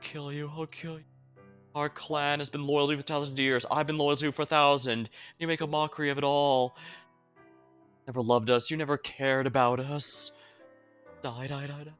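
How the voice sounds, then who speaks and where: A man's voice: on the high side, flat delivery, moderate pace, fairly bright tone, smooth, pitched above the performer's own voice, lightly acted. A man voicing a loyal male fairy lord of a beast clan who feels betrayed and bellows for vengeance, over faint game music. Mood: furious.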